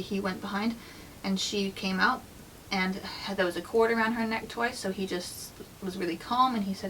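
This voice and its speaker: A woman shares a deeply personal story in a candid, emotional, chatty way, her middle-pitched voice a little off-mic. A faint low rumble sits under the recording. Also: a bit bright, distant mic, poor audio. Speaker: vlogger.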